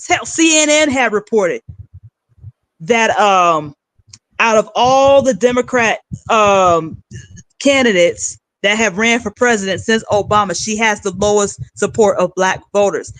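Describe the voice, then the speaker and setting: A woman's voice: medium pitch, unhurried, a bit bright, no room sound, rough recording. A woman hosting a political commentary livestream, giving blunt, emphatic rants. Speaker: livestream host.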